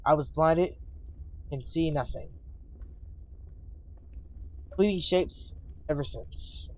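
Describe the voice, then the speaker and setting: A weary, guarded old lighthouse keeper who has lost his sight, as a man puts him on. He talks in a halting, solemn way, a little higher than most men. The sound is dull and lo-fi, like stream audio.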